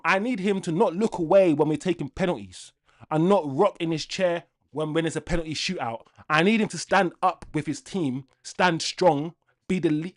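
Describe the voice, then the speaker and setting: Young male streamer, fairly high voice, emotional fan rant, flips from loud to mumbling. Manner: animated, swinging from loud outbursts to low muttering. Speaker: livestream football watchalong host. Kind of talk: casual fan rant to live chat.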